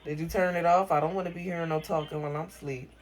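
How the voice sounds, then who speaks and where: A woman's voice: low voice, fairly even intonation, racing. A woman hosting a casual livestream from her bedroom on her phone, blunt and profane, chatting loosely and thanking viewers for gifts. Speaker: livestream host.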